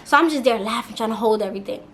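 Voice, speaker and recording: Young woman doing a storytime vlog, kinda high voice, lots of slang and cussing, super animated. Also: rapid-fire, slight background noise. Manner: animated, laughing, slangy with frequent swearing. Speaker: YouTuber. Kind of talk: casual storytime.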